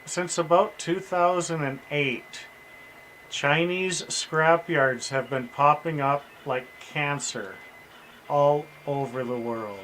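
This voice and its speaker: A man in casual chat, making slow, measured remarks. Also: a little high, a bit bright, slight background noise, rough recording.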